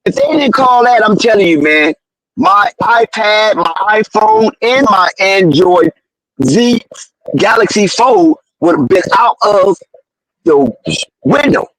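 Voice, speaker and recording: A very high-voiced man calls a basketball game play by play, excitable and slangy. He keeps protesting the referees. His voice is dry and close, with no room sound. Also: slow, dry recording, poor audio. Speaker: live game commentator. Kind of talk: fan play-by-play commentary.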